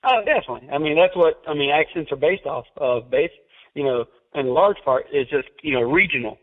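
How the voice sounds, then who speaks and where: A man with a Southern US accent hosting a podcast, chatty and quick to laugh, with plenty of "you know" fillers. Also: on the high side, animated. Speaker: podcast host. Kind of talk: casual chat. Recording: tinny phone-like audio.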